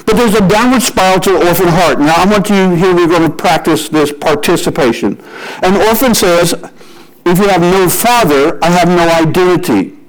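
A man preaching a sermon as a pastor, telling stories and slowing right down on key lines for emphasis. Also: high-pitched, rough recording. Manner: storytelling preacher who shifts pace for emphasis.

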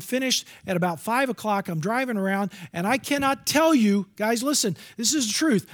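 Man, preacher, sermon, high-pitched voice, earnest, storytelling. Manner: earnest, storytelling, acts out dialogue.

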